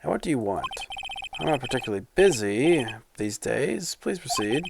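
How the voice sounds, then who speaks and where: A man's voice: medium pitch, big pitch swings, moderate pace, vocal fry, noisy background. A man voicing a pompous, evasive older male lawyer in a video game.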